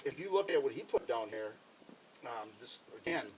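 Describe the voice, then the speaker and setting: A man's voice: mid-range voice, expressive, moderate pace, distant mic, background noise. Dry-humored male sports podcaster. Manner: dry, teasing banter. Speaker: podcast co-host. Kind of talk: casual sports chat.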